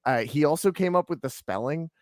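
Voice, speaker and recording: A man's voice: a little high, lively intonation, fairly quick, no echo, studio quality. A man from Atlanta, a band's lead singer, chatting casually in an interview with a rambling, laid-back way of talking full of ums and likes. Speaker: lead singer and band guest.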